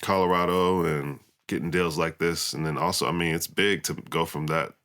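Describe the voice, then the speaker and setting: A man co-hosting a sports podcast, talking in a relaxed, rambling way. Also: deep voice, normal speed. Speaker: co-host. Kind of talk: casual sports podcast chat.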